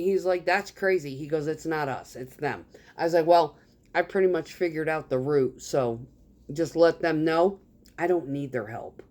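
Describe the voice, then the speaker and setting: A woman's voice: deep voice, a little mellow. A woman telling a work story as a casual rant, blunt and full of swearing, acting out the lines of the people she deals with. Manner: acts out others' lines in quoted dialogue. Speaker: concrete truck driver.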